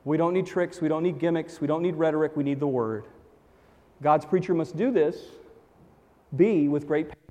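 A man's voice: on the high side, normal speed, dark tone. A male pastor preaching a sermon, emphatic and repeating his key phrases for weight. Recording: long reverb of a large hall.

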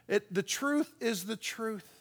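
A man, a pastor, giving a conversational sermon with personal stories, dropping softly on key points. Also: high voice, expressive, slow. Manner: folksy, tells personal stories with chuckles.

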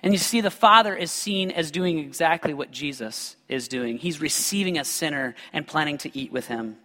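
A man's voice: fairly high pitch, moderate pace, sharp tone, long reverb tail. A man preaching a sermon to a congregation, mixing scripture with funny personal stories and joking asides to the listeners. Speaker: pastor.

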